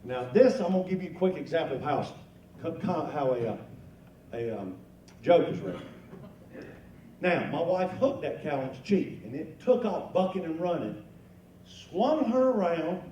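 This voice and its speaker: An older man with a fairly high, sing-song voice tells folksy stories as stand-up comedy at a lunch event, speaking at normal speed with long pauses and a warm tone, and turning rowdy on the punchlines. The lo-fi recording comes from a distant mic in a roomy banquet hall, with faint background noise.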